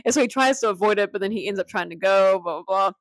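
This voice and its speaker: A woman's voice: medium pitch, fast talker, no echo. A woman co-hosting a casual podcast, retelling scenes with lots of laughter and playful put-on voices. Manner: animated storyteller, laughs often, acts out quotes. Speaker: podcast co-host. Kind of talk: casual chat. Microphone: cheap desk mic.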